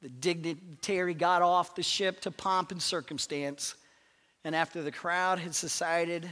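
Bright-voiced preacher in a big hall. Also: male voice, on the high side, fairly even intonation, unhurried. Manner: preaching with big swings from loud to hushed. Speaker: pastor. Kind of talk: sermon.

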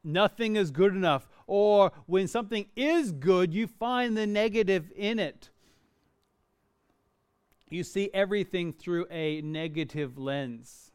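A man's voice: on the high side, clear, resonant tone. A middle-aged male pastor preaching a sermon, earnest and dynamic, with self-deprecating humor.

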